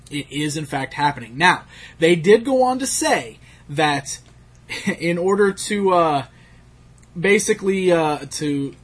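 Husky man chatting casually about toys. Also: fairly high pitch. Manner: chatty, rambling with fillers and laughs. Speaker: toy collecting show host. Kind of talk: casual chat about action figures.

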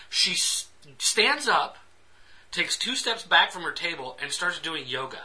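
A man's voice: on the high side, animated, normal speed, sharp tone, rough recording. A man co-hosting a podcast, telling wry anecdotes in casual chat.

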